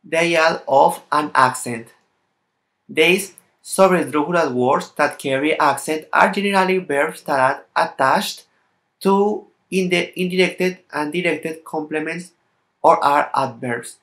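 A man with a Latin American Spanish accent, a native Spanish speaker, gives a language lesson in somewhat halting English and carefully sounds out example words one by one. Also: a little high, fairly bright tone. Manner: slightly halting non-native English phrasing. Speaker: language teacher.

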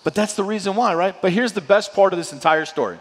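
A male pastor preaching a sermon in a lively, conversational way, often checking in with "right?". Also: sits high, fast talker. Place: church sanctuary. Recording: long church hall reverb.

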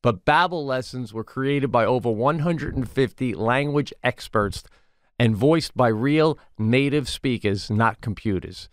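A man's voice: medium pitch, measured pace, no room sound, studio quality. A man co-hosting a podcast, speaking upbeat and direct to listeners, also reading an ad. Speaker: podcast co-host. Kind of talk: casual podcast chat and ad read.

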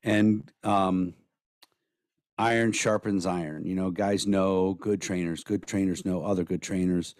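A man co-hosting a casual podcast, rambling and blunt with plenty of swearing, his voice worn hoarse from days of nonstop talking. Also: low voice, steady tone, measured pace, darkish tone, no room sound, studio quality. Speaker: podcast co-host.

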